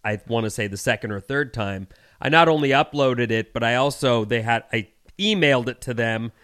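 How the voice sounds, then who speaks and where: A man co-hosting a podcast, telling a story in an exasperated, animated way, swearing and doing voices. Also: mid-range voice, fairly quick, clean tone. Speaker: podcast co-host. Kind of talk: casual chat, storytelling.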